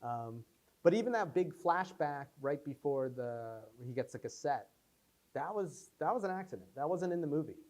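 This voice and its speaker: At an informal Q&A after a screening, the filmmaker, a young man with a fairly high-pitched voice, answers the audience at a moderate pace. His animated stories wander, with plenty of fillers and restarted sentences.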